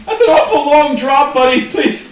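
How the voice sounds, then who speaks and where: Man putting on a scared halfling guard, high lively voice, echoey room, far from mic. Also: moderate pace. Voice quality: jittery, stammering.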